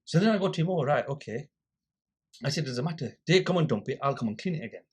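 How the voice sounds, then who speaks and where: A man's voice: a little high, quick pace, husky. A man guest on a podcast, casually telling a story and acting out the people in it. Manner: animated storyteller acting out quoted exchanges.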